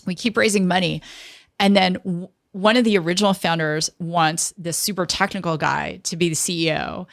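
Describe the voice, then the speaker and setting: A woman in her fifties, a guest in an interview, telling a lively story and acting out what others said. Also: on the low side, moderate pace, vocal fry, no echo, clean studio sound. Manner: lively storyteller who acts out quoted dialogue. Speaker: interview guest, tech entrepreneur.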